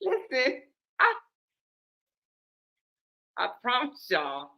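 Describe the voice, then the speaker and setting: High-voiced woman host, laughing a lot. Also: extremely slow, vocal fry. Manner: laughing, animated, talks straight to viewers. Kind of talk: casual commentary.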